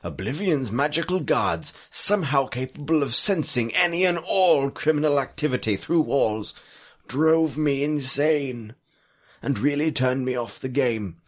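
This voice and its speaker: A man voicing an old male storyteller by the fire, a rambling grandfather telling a tale to his grandchildren, with a husky voice. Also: mid-range voice, animated, unhurried, pitched above the performer's own voice. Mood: grumbling, fond.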